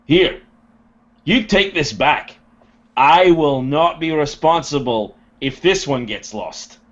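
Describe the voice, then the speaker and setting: Man doing a loud teasing adventurer, high raised voice, slow, muffled lo-fi sound. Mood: gruff. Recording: dull lo-fi recording.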